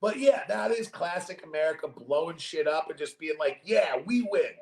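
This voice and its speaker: A young man hosting a podcast in casual chat, animated, jokey and swearing freely. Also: fairly high pitch, brisk, vocal fry. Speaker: podcast host. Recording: roomy echo.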